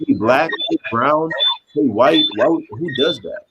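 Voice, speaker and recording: A man hosting a casual live stream, reading out chat comments and chatting with a guest in an animated way that repeats itself. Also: medium pitch, measured pace. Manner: animated, repeats himself, asks viewers for help. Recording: loud background noise.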